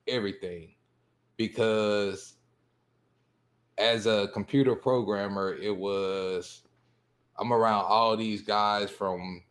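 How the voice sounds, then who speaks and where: A man's voice: lowish voice, steady tone, slow pace, long pauses, fairly bright tone. A man with a Southern US accent, talking in a rambling, laid-back way as a guest on a casual podcast discussion.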